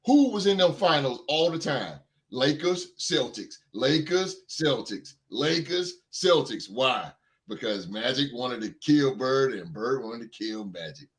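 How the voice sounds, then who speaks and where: A man hosts a sports talk show in a mid-pitched voice. He hammers his points home by repeating phrases. Between his rants he reads news items aloud. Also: sing-song, measured pace. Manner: emphatic, repeats phrases for effect. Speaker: podcast host.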